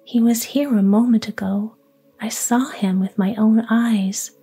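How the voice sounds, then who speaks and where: A woman voicing a frightened, haughty young princess in whispered role-play, with shrill, insistent cries. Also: fairly even intonation, measured pace, warm tone, husky, soft background music, full character voice.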